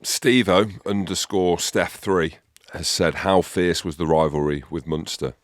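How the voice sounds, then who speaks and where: A man's voice: low voice, measured pace, no room sound, studio quality. A man from Scotland, a former rugby player, hosting a podcast in easygoing casual chat and reading out listener questions.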